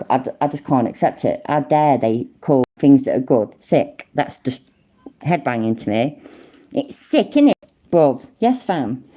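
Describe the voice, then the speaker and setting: A woman's voice: low-pitched, mellow. A woman with an English Midlands accent, doing rambling, sarcastic, sweary livestream commentary. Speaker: streamer.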